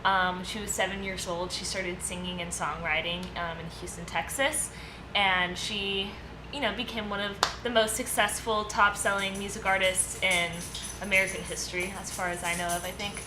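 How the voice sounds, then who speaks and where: A woman's voice: mid-range voice, moderate pace. A woman co-hosting a casual podcast discussion, presenting her segment in a loose, chatty way with lots of fillers and easy laughter. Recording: echoey room with steady background noise.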